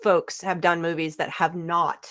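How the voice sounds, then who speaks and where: A woman's voice: on the low side, level tone, unhurried, a bit bright. Woman, podcast co-host, casual chat, rambling, self-correcting.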